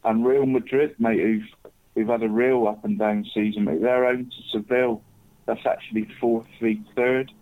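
A man's voice: mid-range voice, level tone, normal speed. A man chatting casually as a podcast co-host, rambling and calling everyone "mate". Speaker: podcast co-host, football tipster. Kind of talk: casual chat. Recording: tinny phone-like line.

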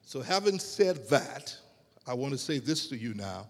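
Gravelly man preaching in an echoing hall. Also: mid-range voice, very animated. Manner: emphatic, drawn-out phrases and rhetorical questions to the congregation. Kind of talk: sermon. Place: church sanctuary.

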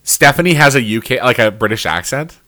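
A man's voice: mid-range voice, expressive, a little fast, pushed and bright. A man co-hosting a casual podcast, reviewing a TV show with sarcasm, frequent swearing and laughter. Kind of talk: casual chat.

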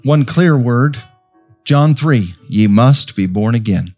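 A man preaching a sermon as pastor of a church, slow and emphatic, rising to strong peaks as he calls out to his congregation. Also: medium pitch, lively intonation. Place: church sanctuary. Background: soft piano.

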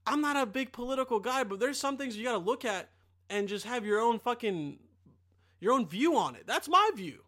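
A man's voice: extremely high pitch, expressive, moderate pace, fairly bright tone. A young man ranting in a casual monologue, profane and rambling, often sidetracked.

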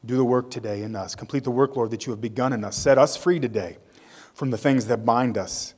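A man's voice: medium pitch, a little fast, darkish tone, breathy edge. A male pastor preaching a sermon. He reads scripture aloud, tells it as a story with casual asides, and leads a prayer.

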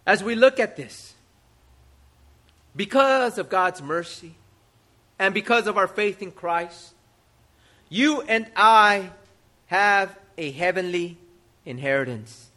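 A man's voice: high voice, lively intonation, takes it slowly, long pauses, pushed and bright. A male pastor preaching a sermon, asking rhetorical questions and repeating key phrases for emphasis. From United States.

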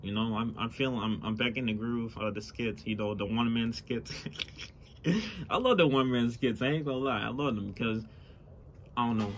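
A man's voice: mid-range voice, moderate pace. A young man hosting a casual solo podcast, rambling and swearing freely, recorded outdoors on a phone near passing traffic. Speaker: podcast host. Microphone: phone mic, later plugged-in mic. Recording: faint car traffic noise outdoors.

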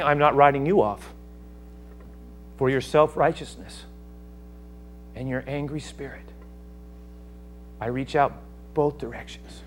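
A pastor preaching a sermon, swinging between hushed asides and loud, emphatic passages. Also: male voice, medium pitch, steady tone, takes it slowly, long pauses, a little hiss or hum.

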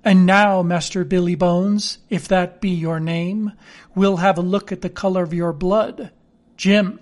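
A man reading an audiobook, voicing a brisk, stern country doctor who gives orders dismissively. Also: high-pitched, fairly even intonation. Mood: commanding. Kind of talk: audiobook character voice.

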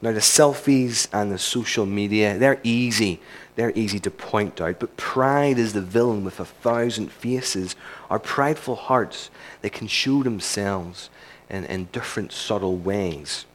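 A man's voice: on the low side, a little slow. Earnest man preaching a sermon. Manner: earnest, emphatic, building points through repetition. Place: church service.

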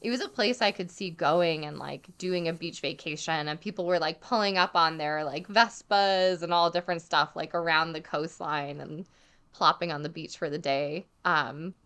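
A young woman telling a travel story in casual chat, full of "like" fillers and animated retelling. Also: sits low, moderate pace, clean tone.

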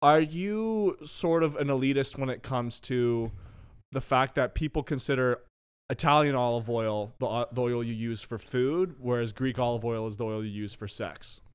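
A man's voice: medium pitch, moderate pace, smooth, no room sound, studio quality. A man co-hosting a casual comedy podcast, teasing and playful, swearing freely. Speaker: podcast co-host.

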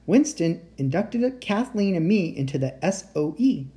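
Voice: medium pitch, big pitch swings, measured pace, dark tone, pitched above the performer's own voice. A reader voicing a polite teenage boy enchanter who speaks in formal, old-fashioned phrasing. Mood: earnest.

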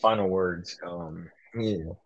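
A young man co-hosting a casual podcast, talking excitedly and boasting, full of slang, about calling his predictions. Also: deep voice, slow, highs cut off, slight background noise. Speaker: podcast co-host.

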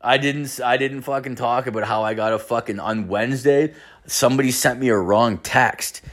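A man's voice: medium pitch, moderate pace. A man in his late thirties hosting his own show, telling a rambling, profane story full of fillers and swearing. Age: late 30s. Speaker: podcast host.

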